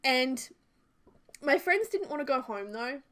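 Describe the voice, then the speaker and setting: A young Australian woman in her twenties chats over a Sims speed build, telling a casual story. Her high, slightly bright voice swings widely in pitch, and she rambles, laughs easily, and says "like" a lot.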